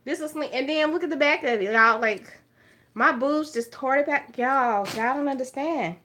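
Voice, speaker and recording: A woman with an Alabama drawl talks to camera at home, her voice sitting a touch high. She is frank and jokey, always speaking straight to her viewers. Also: normal speed, bright, forceful tone. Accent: Southern US, Alabama. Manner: candid, joking, talks straight to viewers as y'all. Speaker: vlogger. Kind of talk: casual chat to camera. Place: at home by her makeup table.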